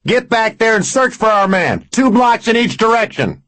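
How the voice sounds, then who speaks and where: A man's voice: high-pitched, sing-song, normal speed, a bit bright, no echo, pitched above the performer's own voice. A man voicing a tense middle-aged police chief who gives curt, commanding orders.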